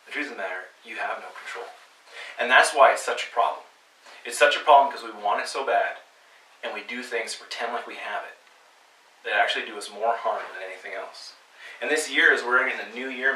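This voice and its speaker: A man's voice: medium pitch, pushed and bright, a little hiss or hum. A man preaching a sermon in a church, earnest and pleading, building to emphatic repeated lines. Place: church hall. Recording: roomy church sound from a distant mic.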